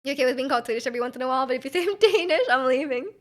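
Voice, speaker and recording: A woman's voice: high-pitched, animated, rapid-fire. A young woman from Vancouver, streaming live and rambling in casual chat, reading out her chat, using lots of "like" and giggling. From Vancouver, Canada. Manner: rambling, filler-heavy with frequent "like", giggly.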